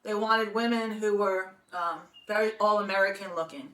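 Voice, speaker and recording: A woman's voice: medium pitch, moderate pace, bright, forceful tone. A woman in her sixties telling a long personal story in a chatty, rambling way, often laughing. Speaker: podcast host. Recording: roomy, distant from the mic, faint noise.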